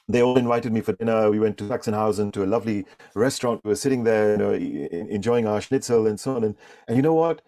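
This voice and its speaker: A man telling a workplace anecdote in an animated way, often restarting and repeating words. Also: medium pitch. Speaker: leadership speaker. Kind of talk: anecdotal storytelling.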